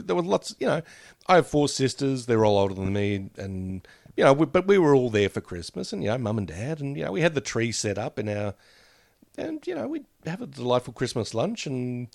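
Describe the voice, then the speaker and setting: A man's voice: medium pitch, creaky, a little mellow, dry recording. Rambling man on a dry mic. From Australia. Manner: meandering, reminiscing, laughs often. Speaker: podcast co-host. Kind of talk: casual chat.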